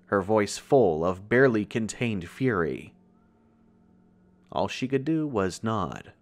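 Low-voiced man narrating a horror story. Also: takes it slowly. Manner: steady first-person reading.

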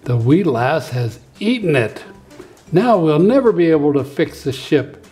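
A man's voice: fairly high pitch, big pitch swings, measured pace, dark tone. A man doing Braidbeard, a bellowing pirate captain. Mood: dismayed. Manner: gruff bellowing pirate talk. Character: blustery male pirate captain. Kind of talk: storybook read-aloud.

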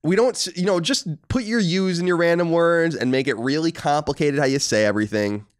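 A man's voice: a little high, a little fast, clean tone. A man in his thirties co-hosting a casual podcast, sarcastic and playfully mocking as he reads listener mail. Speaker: podcast co-host.

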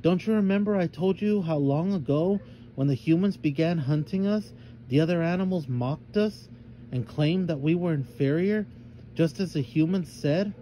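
A man's voice: a little high, moderate pace, warm tone, muffled recording, a little hiss or hum, voice pushed up, close to an everyday voice. Man doing a stern thylacine mother. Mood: lecturing. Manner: scolding, fearful lecturing.

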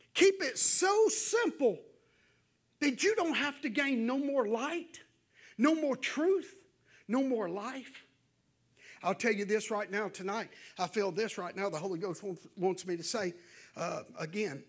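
A man preaching, with a voice that sits unusually high for a man. His delivery is folksy and conversational, and it rises into fervent, raised appeals to his church congregation. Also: fairly bright tone. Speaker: pastor. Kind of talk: evening sermon to a church congregation.

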